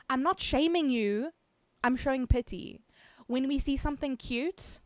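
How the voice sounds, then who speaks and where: A woman's voice: high voice, normal speed, dry recording. Giggly South African woman streamer. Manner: giggly, chatty, self-teasing. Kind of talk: casual chat reading viewer messages.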